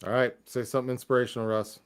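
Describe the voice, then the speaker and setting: Smooth-voiced man hosting a sports chat. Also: mid-range voice, little pitch movement. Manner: moderating, asks questions, halting restarts. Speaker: podcast host.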